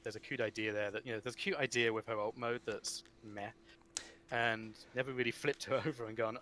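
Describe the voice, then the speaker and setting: A man's voice: mid-range voice, a little fast, a little hiss or hum. Chatty man who rambles about card games. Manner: rambling, restarts often, animated asides. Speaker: guest, card game writer. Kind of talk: casual chat about a card game.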